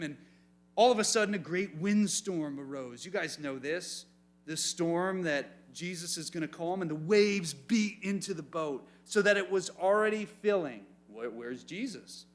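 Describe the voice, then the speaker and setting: Youth pastor guy, fairly high voice, animated, keeps asking the kids questions. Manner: animated, talks straight to the teens. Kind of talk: youth sermon. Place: room full of young people.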